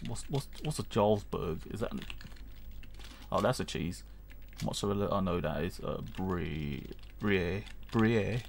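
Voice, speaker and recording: A man's voice: fairly low pitch, expressive, normal speed, gravelly, long pauses, a little hiss or hum. A man giving casual let's-play commentary, reading game text aloud, rambling, humming and chuckling as he goes. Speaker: gaming channel host.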